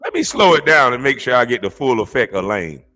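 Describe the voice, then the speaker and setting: A man rants about clips he is reacting to, mocking and incredulous, his speech full of profanity. His voice is bright and forceful and swings widely in pitch. Faint music plays underneath. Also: big pitch swings, fairly quick. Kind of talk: profane comedic rant.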